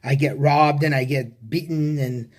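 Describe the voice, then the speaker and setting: A man speaking to camera in a rambling personal confession, halting with many restarts and casual swearing. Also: fairly high pitch. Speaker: vlogger.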